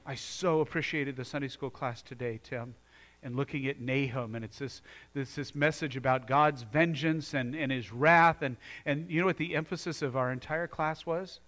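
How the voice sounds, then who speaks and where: A man preaching a sermon as pastor, moving from quiet, earnest talk to loud, fired-up exhortation. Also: medium pitch, moderate pace.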